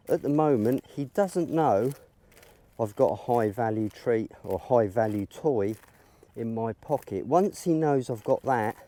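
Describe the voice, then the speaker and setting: A man leads a dog-training lesson out in an open field, talking through each step in a calm, instructive way. His voice is warm and mellow, and it jumps up high and excited whenever he praises the dog. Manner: explains steps calmly, breaks into high excited praise for the dog. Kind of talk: outdoor training demonstration.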